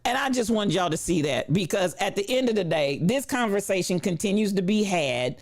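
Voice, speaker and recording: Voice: medium pitch, lively intonation, brisk. A host with delivering preachy, emphatic reaction commentary, often turning to the viewers directly.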